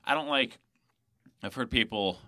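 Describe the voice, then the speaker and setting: A man's voice: mid-range voice, unhurried, no echo, clean studio sound. A man in casual podcast chat, telling a story animatedly and acting out what people said, with some casual swearing. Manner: animated storyteller who acts out quoted lines.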